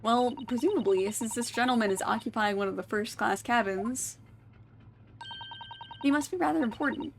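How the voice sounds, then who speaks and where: A woman voicing a polite young lady's maid who speaks in a gentle, formal way. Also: a little high, normal speed, creaky, a little hiss or hum.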